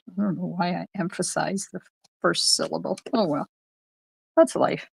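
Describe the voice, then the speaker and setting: A woman's voice: lowish voice, steady tone, moderate pace, vocal fry, breathy edge, dry recording, low-quality recording. An older woman, a card-making instructor, chatting to viewers during a live-streamed craft tutorial in her home craft room. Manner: chatty, talks to viewers while stamping.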